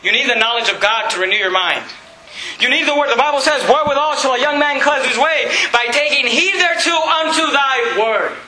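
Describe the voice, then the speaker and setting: A man preaching a fiery sermon as pastor, often shouting and laughing between lines, recorded in a church. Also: very high voice, a little fast, slight background noise. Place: church hall. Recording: echoey church room.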